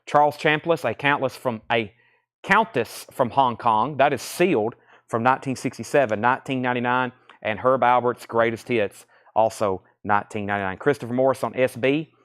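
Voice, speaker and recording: A man hosting a live-streamed record sale, calling out titles and prices in a brisk, running patter, thinking aloud as he checks each record. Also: medium pitch, fairly bright tone, clear, resonant tone.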